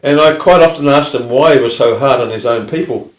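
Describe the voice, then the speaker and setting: An older man with a New Zealand accent, a retired police officer telling stories in a relaxed, casual way. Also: medium pitch, brisk, echoey room. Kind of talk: casual storytelling.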